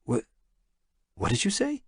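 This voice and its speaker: A man's voice: measured pace, dry recording, clean studio sound, close to an everyday voice. A man voicing a stressed young male office worker who talks urgently and raises his voice, in a thriller audiobook. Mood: anxious.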